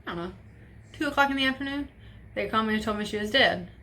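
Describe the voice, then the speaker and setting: A woman's voice: on the high side, quick pace, bright, forceful tone. A young woman telling a personal story on a vlog, casual and profane, with emotion in her voice. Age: young adult. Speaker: vlogger.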